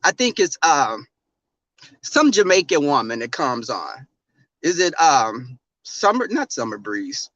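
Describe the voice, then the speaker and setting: His voice is on the high side, very animated and fairly bright, but he talks slowly. He's a Texas livestream host with a Southern drawl, ranting brashly, profanely, and sassily out in the cold, on a dull, dry recording with no room sound.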